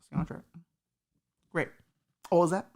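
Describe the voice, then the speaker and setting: Satan blasé et décontracté joué par une femme. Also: female voice, normal speed, darkish tone, natural voice. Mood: chatty. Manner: laid-back, slangy, offhand. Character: bored casual male Satan ruling hell.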